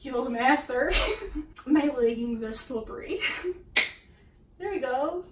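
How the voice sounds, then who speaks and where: A woman's voice: sits high, animated, slow pace. A woman vlogging casually from her mom's bedroom, giggling and poking fun at herself, often out of breath, heard from a camera set back across the room. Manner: giggly, self-mocking, laughs often. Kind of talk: casual vlog. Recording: roomy, distant, faint hiss.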